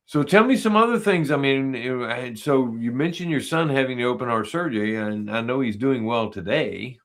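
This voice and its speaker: A man's voice: medium pitch, expressive, moderate pace. A man hosting a podcast interview who tells joking stories in a casual way and often laughs at them. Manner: joking storyteller, laughs at his own stories. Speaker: podcast host.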